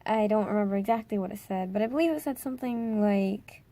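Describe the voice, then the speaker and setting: A teenage girl tells a school story in a casual storytime vlog, sounding excitable, using lots of filler words, and breaking into dramatic squeals. Her pitch is medium and she talks fast.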